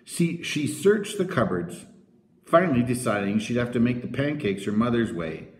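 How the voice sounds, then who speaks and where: Expressive male storybook narrator. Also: medium pitch, normal speed. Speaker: audiobook narrator. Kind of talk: scripted narration of a children's novel. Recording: roomy echo.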